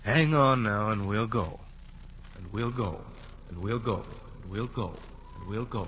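An actor playing a brisk hospital doctor, kindly and humoring a confused patient. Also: male voice, lowish voice, a bit bright, lo-fi sound, a little hiss or hum.

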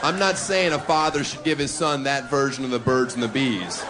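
Brash stand-up comic with a laughing crowd. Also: male voice, medium pitch, normal speed, few pauses. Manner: brash, mocking delivery with sudden shouts. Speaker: stand-up comedian. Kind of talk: stand-up comedy set. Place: stage before a live audience. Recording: live club recording with crowd noise. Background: audience laughter.

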